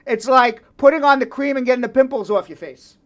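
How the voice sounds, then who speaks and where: A man's voice: very high voice, a little fast, fairly bright tone. A man hosting a live radio talk show, joking and reading ads with repeated phone numbers.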